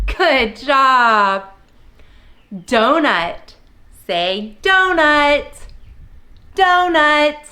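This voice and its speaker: Bright, slow-talking woman teaching preschoolers. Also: high voice, animated, faint music behind. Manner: slow, cheerful sing-song prompting for little kids. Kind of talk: children's lesson video.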